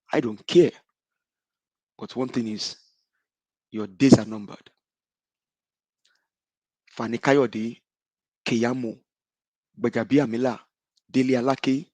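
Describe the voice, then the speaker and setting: A middle-aged man with a Nigerian accent speaks as a caller, fervent and denouncing, hammering the same declarations again and again. His voice sits at an ordinary pitch, and the sound is dry and close with no room around it. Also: mellow, no room sound. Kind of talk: impassioned call-in speech.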